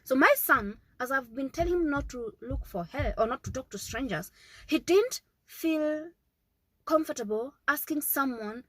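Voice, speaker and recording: A woman's voice: high-pitched, animated, moderate pace, no echo, low-quality recording. A woman in her thirties giving earnest, repetitive parenting advice to camera, often checking in with "okay?". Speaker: parenting vlogger, mother. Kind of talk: casual advice talk to camera.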